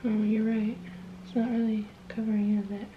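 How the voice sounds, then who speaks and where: A young woman in a casual couple prank, teasing and deadpan, sometimes half-whining. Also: on the high side, fairly quick, recorded from a distance, phone-quality sound. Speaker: vlogger pranking her fiance. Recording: echoey room, voice from off the mic.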